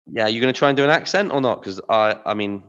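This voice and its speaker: A man's voice: fairly low pitch, fast talker, a bit bright, muffled recording. A British-accented man co-hosting a podcast, chatting with enthusiasm and loose, easygoing phrasing. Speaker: podcast co-host. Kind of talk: casual chat.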